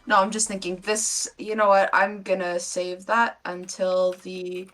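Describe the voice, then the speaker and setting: A woman's voice: mid-range voice, little pitch movement, a little slow, a bit bright. A woman playing a tabletop game, casually thinking aloud about her turn. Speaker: player.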